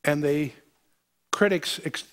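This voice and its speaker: A man's voice: a little high, slow pace. A man giving a verse-by-verse Bible lecture, reading scripture aloud and breaking in with pointed commentary. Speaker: Bible teacher.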